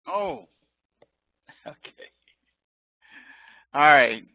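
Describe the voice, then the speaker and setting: A man's voice: mid-range voice, animated, very slow, creaky, no echo. A professor in his sixties from Chicago, giving a chatty, joking lecture that drifts off topic with frequent laughter. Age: 60s. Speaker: college professor. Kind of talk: informal online lecture. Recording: tinny phone-like line, dry.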